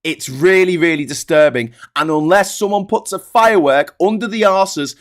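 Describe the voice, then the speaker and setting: A man's voice: sits high, moderate pace. A man hosting a political livestream, ranting in an exasperated, sweary way. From United Kingdom.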